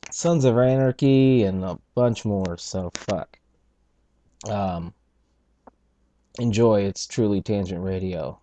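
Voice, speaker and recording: A man's voice: on the low side, slow pace, pauses often, warm tone. A man hosting a casual podcast from his studio apartment, rambling and joking with plenty of swearing. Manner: rambling, profane, jokey. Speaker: podcast host.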